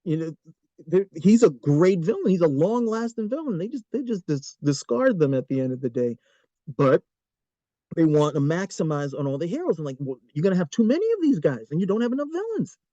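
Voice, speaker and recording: A man co-hosting a podcast, talking in an animated, opinionated way with frequent restarts. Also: sits high, brisk, no echo. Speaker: podcast co-host. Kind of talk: casual chat. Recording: dull lo-fi recording.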